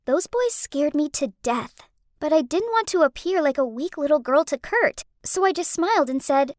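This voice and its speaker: A woman tells a first-person animated story with strong emotion. Her voice is high and swings widely in pitch. The recording is dry and close, with no room sound. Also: moderate pace, no echo. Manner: emotional, dramatic. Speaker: narrator.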